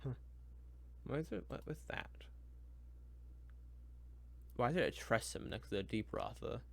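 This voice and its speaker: A young man reacting live to a book, exasperated and ranting, going from mutters to loud complaints. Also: mid-range voice, expressive, unhurried, gravelly. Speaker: reviewer.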